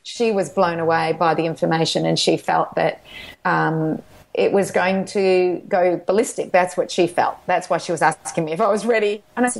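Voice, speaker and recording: A woman's voice: on the low side, steady tone, normal speed, gravelly. A middle-aged woman, a documentary filmmaker chatting in an interview, telling stories eagerly and restarting her sentences often. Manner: enthusiastic, rambling storytelling with restarts. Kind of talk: casual interview chat.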